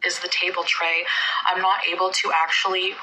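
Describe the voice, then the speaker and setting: A woman's voice: fairly low pitch, flat delivery, normal speed, sharp tone, a little hiss or hum, rough recording. A woman telling a travel story in a casual vlog, rambling with many fillers and restarts. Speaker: vlogger.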